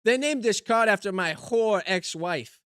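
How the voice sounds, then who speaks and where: A man putting on a nervous, put-upon nightclub comic who fires off self-deprecating one-liners and keeps circling back to the same complaint. The voice sits a little high and the sound is dry and close. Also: expressive, a little slow, a bit bright, clear, resonant tone, no echo. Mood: hapless. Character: nervous middle-aged male stand-up comic, self-mocking. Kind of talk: stand-up impression.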